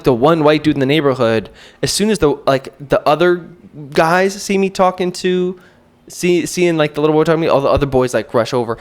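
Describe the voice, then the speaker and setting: Male vlogger, thirties, raised pitch, loose animated storyteller who pokes fun at himself. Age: 30s. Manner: animated, self-mocking, quotes himself in acted voices. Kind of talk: casual storytelling vlog.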